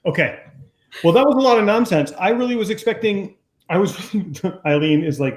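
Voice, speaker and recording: A man's voice: high voice, lively intonation, moderate pace. Man host from new jersey, jokey and rambling, raised voice, echoey room. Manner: jokey and rambling, full of restarts and sound effects like "boop". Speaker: business coach hosting a training call. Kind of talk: casual group chat turning to a coaching talk. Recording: roomy echo.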